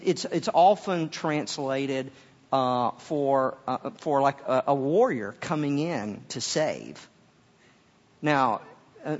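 High-voiced guy preaching, lots of stammered repeats, echoey hall, kinda muffled. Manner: halting, repeats words often. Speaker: pastor. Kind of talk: sermon.

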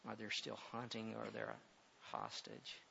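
Middle-aged male pastor, gravelly voice, halting delivery that swells into emphatic preaching, dull recording with light hiss. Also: fairly low pitch, big pitch swings. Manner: halting, repeats words, grows loud and emphatic when preaching. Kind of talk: sermon with personal story.

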